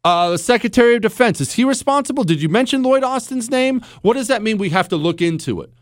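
A man's voice: very high-pitched, expressive, fast, dry recording. A man hosting a talk radio show, speaking bluntly and sarcastically in a studio. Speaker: radio host. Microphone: studio microphone.

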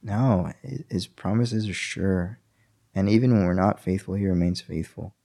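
A man's voice: low voice, normal speed, mellow. A young man telling a personal faith story in an interview, earnest and full of fillers and restarts.

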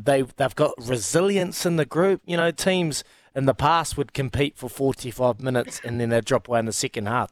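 A former rugby player from New Zealand, speaking with a Kiwi accent, chats casually as a guest on sports radio. He's enthusiastic and keeps restarting his sentences, in a mid-range voice with no echo.

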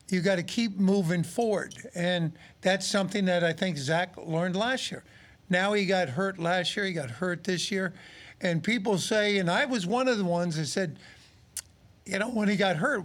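A man in his sixties, a former pro football player and radio analyst, chatting casually about the game and animatedly acting out quotes as he tells stories. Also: sits high. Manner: animated storyteller, acts out quotes. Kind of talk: casual sports talk.

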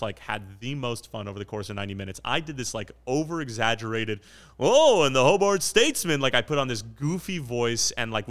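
A man's voice: fairly low pitch, a bit bright, clean tone. A man in his twenties, a soccer play-by-play commentator, telling stories in a casual, self-deprecating podcast chat. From New Jersey. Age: 20s. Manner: fast, joking, self-deprecating storyteller.

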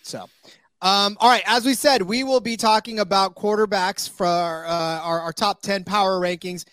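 High-ish guy hosting a betting pod, rambly and jokey, dry close mic. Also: fairly even intonation, moderate pace, a bit bright, clear, resonant tone, dry recording. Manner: chatty, jokey, many fillers. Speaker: podcast host. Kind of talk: casual sports betting chat.

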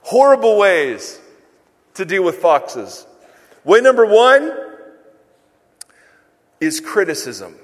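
A man preaching a sermon in an animated, emphatic way, with self-mocking humor. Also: sits high, takes it slowly, long pauses, in a large hall. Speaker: pastor. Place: large church hall.

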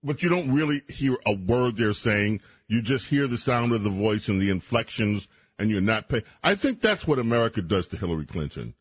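A man's voice: lowish voice, very animated, moderate pace, few pauses, slightly rough. A middle-aged man hosting a radio talk show, giving opinionated, emphatic commentary with mocking asides.

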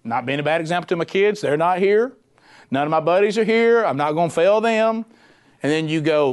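Middle-aged male preacher, rather high voice, animated and chatty sermon delivery. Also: a little fast, clear, resonant tone. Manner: animated, conversational, punchy repetition. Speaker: preacher, former radio host.

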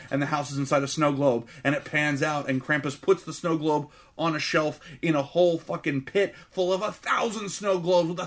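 A man's voice: fairly high pitch, a bit bright. A man co-hosting a casual movie podcast, recapping the plot in a blunt, profane storytelling way.

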